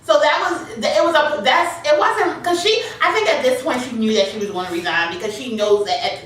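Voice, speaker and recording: A woman with a fairly high, very lively voice gives blunt, profane takes on a TV drama. She sits well back from the mic in a strongly echoing room. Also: fairly quick. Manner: opinionated, profane commentary. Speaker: recap co-host. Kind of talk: casual TV recap chat. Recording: echoey room, mic far off.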